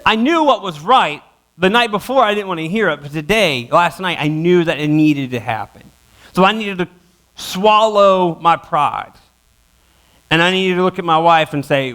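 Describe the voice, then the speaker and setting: A male pastor in his thirties telling a funny family story in a sermon, self-mocking and acting out his kids and wife. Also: high voice. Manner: animated, self-mocking, acts out his family in quick voices. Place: church auditorium.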